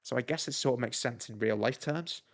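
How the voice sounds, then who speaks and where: A man's voice: medium pitch, fairly quick, vocal fry. A man giving casual gameplay commentary as a let's play host, muttering his moves to himself, upbeat, with the odd swear.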